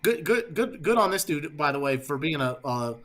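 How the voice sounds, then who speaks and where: A man who coaches football, talking through blocking schemes in a halting way and restarting words as he thinks. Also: fairly high pitch, big pitch swings, a bit bright. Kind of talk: casual coaching chat.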